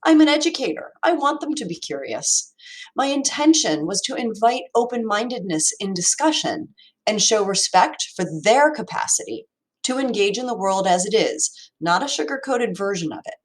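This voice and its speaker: A woman in her forties, an educator, giving a prepared talk in a measured, reflective storytelling manner. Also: mid-range voice, very animated.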